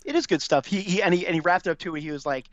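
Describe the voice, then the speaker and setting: A man, a former Marine officer, telling anecdotes as a podcast guest in a quick, animated way with many fillers. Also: high-pitched, no room sound, highs cut off. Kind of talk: casual storytelling.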